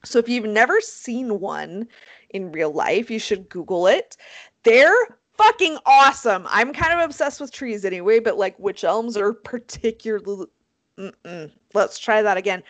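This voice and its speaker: A woman co-hosting a casual chat, telling a story in an animated, profane, self-mocking way. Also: mid-range voice, a little slow, no room sound, rough recording. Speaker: podcast co-host.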